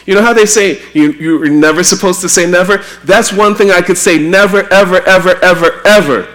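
A man from Trinidad preaching a sermon, animated and acting out quotes with a raised voice. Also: high-pitched, a little fast.

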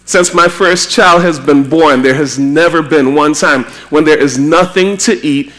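A man from Trinidad preaching a sermon, animated and acting out quotes with a raised voice. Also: on the high side, a little slow.

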